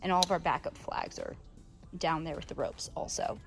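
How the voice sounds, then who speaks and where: Woman vlogger, lowish voice, breathless and rambling, music underneath. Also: wildly swooping pitch, moderate pace, vocal fry. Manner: chatty, filler-heavy, self-correcting. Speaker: vlogger giving a boat tour. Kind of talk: casual walkthrough. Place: on a boat.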